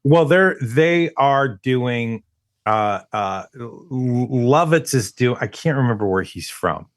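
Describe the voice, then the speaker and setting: A man co-hosting a movie podcast, speaking in a mid-range voice in loose, animated chat. He stumbles and restarts his sentences often as he builds his point. The recording is close and dry, with no room sound. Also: medium pitch, takes it slowly, no echo. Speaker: podcast co-host. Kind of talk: casual movie review chat.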